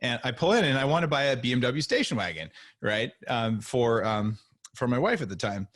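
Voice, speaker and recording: A man as a podcast guest, telling stories in a casual, animated way and acting out the dialogue. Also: mid-range voice, brisk, no echo, studio quality. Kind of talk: casual interview storytelling.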